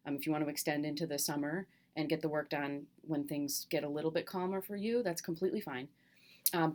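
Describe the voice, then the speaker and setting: A middle-aged woman with a slightly low voice speaks to her students in a recorded video message. She talks gently and candidly, pausing on fillers, and keeps coming back to reassurance. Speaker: college teacher. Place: home, at kitchen table.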